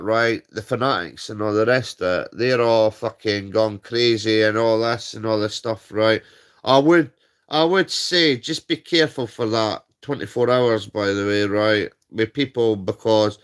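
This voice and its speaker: British man, livestream rant, heated, swears a lot, mid-pitched voice. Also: fairly bright tone. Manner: heated, swearing, repeats "right?". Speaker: streamer.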